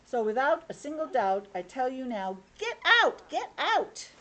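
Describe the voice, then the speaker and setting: A woman voicing an angry little boy who shouts rhyming lines at monsters while reading a picture book aloud. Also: fairly high pitch, expressive, normal speed, lightly acted. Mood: angry shouting. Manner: yelling, stamping rhythm of rhyme.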